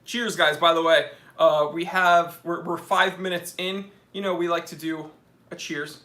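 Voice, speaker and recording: A man's voice: on the high side, steady tone, a little slow, pushed and bright. A man hosting a casual live stream Q&A, chatting and joking while reading out viewer comments. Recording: echoey room.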